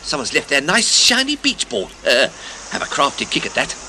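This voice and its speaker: A man's voice: medium pitch, huge pitch swings, normal speed, pushed and bright, slight background noise, exaggerated voice. A man voicing a cheeky male fox puppet who sings music-hall songs and tells jokes with bursts of laughter, on a comic record. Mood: cheeky chatter. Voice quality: chuckling, music-hall sing-song. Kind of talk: comic song and patter record. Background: brass band music.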